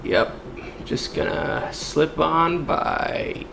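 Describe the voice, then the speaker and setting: Male gamer, unhurried joking commentary, playful silly delivery. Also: a little high, very animated, vocal fry, echoey room, background noise. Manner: goofy, joking, puts on silly voices. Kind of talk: let's play commentary.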